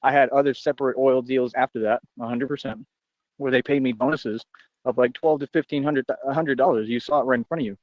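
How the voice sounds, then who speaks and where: A man rattles off a brash, confrontational rant at a quick clip, bragging and jumping from one grievance to the next. His voice is close and dry with no room around it. The stream audio sounds dull and lo-fi. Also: mid-range voice, fairly even intonation, dry recording. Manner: boastful, confrontational, rambling. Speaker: livestreamer. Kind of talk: ranting monologue on a livestream.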